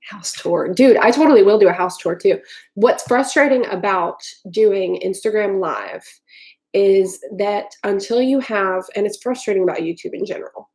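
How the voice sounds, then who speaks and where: A woman's voice: mid-range voice, expressive, normal speed, darkish tone. A woman from Tennessee chatting casually on a live stream from her home kitchen, rambling and swearing freely with lots of filler words. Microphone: desktop computer mic.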